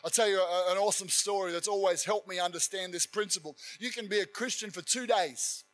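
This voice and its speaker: A man preaching a sermon, telling stories with energy and building to fervent shouts. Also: high-pitched, a little fast. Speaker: pastor.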